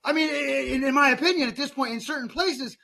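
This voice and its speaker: A man's voice: extremely high pitch, a little fast, creaky, sharp tone. A man in his fifties hosting a political podcast, ranting heatedly, often repeating words and restarting sentences. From United States. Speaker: podcast host.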